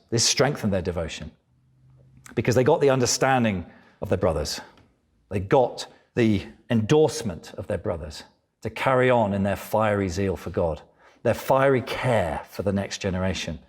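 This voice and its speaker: A middle-aged man delivers a sermon in a lively, animated way, sometimes slipping into the voices of the people he describes. His voice sits low and has a husky, breathy edge. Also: normal speed. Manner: animated preaching, acts out voices of biblical figures. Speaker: preacher.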